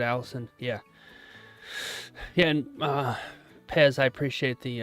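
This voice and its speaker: Male streamer, casual and self-deprecating, slightly higher voice, faint music bed. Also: unhurried, pauses often, a bit bright. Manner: chatty, self-deprecating, reads out chat comments. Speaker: live-streaming futures day trader. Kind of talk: casual live-stream chat with viewers.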